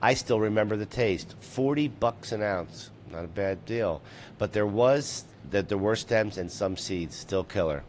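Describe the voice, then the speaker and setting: A man's voice: lowish voice, unhurried, slight background noise. A man hosting a casual late-night show, reading out viewer comments and chatting loosely with plenty of swearing.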